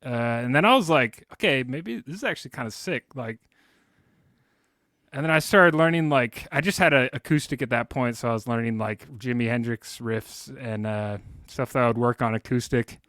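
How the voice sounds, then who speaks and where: A man's voice: medium pitch, moderate pace, a bit bright, clear, resonant tone, dry recording. Laid-back male podcast guest, dry sound. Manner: laid-back, slangy, rambling storytelling. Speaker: guest musician. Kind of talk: casual podcast chat.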